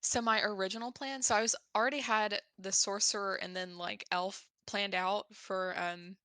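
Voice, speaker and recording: A woman's voice: medium pitch, steady tone, normal speed, bright, forceful tone, dry recording, clean studio sound. A woman chatting casually as a player, hesitant with stumbling starts. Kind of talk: casual chat.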